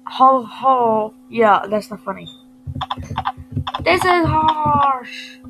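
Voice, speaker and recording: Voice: high voice, expressive, extremely slow. A woman giving casual, playful commentary over a video game, scolding her character as she plays. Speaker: gamer commenting on play. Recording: noisy home recording.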